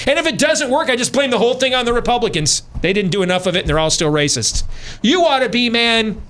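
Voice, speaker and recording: A man's voice: very high-pitched, animated, fast talker, fairly bright tone. A middle-aged man hosting a radio talk show, ranting with sarcastic, emphatic commentary.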